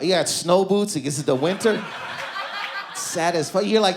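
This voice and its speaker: A male stand-up comedian telling stories on stage, swinging between loud bursts and low mutters, acting out quoted lines and leaning on "you know what I mean". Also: moderate pace, background noise. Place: comedy club stage with audience laughter.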